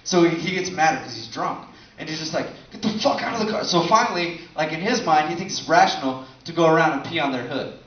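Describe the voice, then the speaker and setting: High-voiced male stand-up comic. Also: fast, few pauses, slight background noise. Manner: loose, conversational, profane, laughing often. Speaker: stand-up comedian. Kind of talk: live stand-up set. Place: comedy show at a bar venue. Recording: echoey room, distant mic, dull sound, audience laughter. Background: audience laughter.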